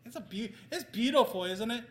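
A middle-aged man preaching a sermon, telling a story with loud emphasis and quiet asides. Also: extremely high pitch, expressive, brisk. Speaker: pastor.

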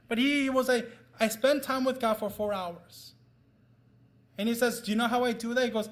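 A middle-aged man preaching a sermon, telling a story with loud emphasis and quiet asides. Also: very high-pitched, steady tone, normal speed. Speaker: pastor.

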